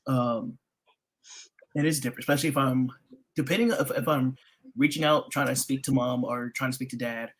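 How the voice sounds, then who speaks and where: A man's voice: mid-range voice, fairly quick. A man guesting on a stream, chatting casually, telling stories animatedly and swearing freely. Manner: animated storyteller, swears, acts out quotes. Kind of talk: casual chat.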